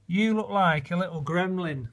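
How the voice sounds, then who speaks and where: Male vlogger, raised voice, gravelly, dotes on his pets. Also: sits high, normal speed, fairly bright tone. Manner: doting baby talk to pets, chuckling often. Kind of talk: casual vlog talking to his puppies. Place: at home indoors.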